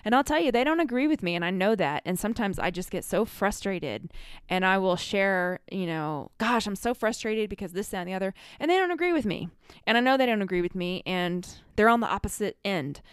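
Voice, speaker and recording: A woman's voice: medium pitch, very animated, fairly quick, smooth, no echo, clean studio sound. A woman from the United States, an energy healer, giving earnest, conversational advice with many fillers. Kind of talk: casual advice monologue.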